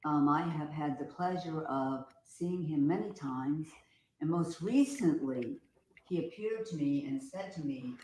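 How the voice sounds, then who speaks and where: A woman's voice: low voice, unhurried, a little mellow. A woman preaching about visits to heaven in an assured, declaring way, filmed on a phone camera. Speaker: preacher claiming visions of heaven. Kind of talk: live-streamed religious talk. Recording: echoey room with faint noise.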